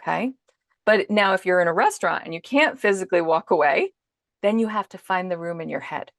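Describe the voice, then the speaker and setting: Woman parenting coach on a podcast, gravelly voice, talks thru her self-talk examples. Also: on the low side, lively intonation, a little fast, a bit bright, no room sound, studio quality. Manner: explanatory, acts out inner self-talk. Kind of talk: podcast interview.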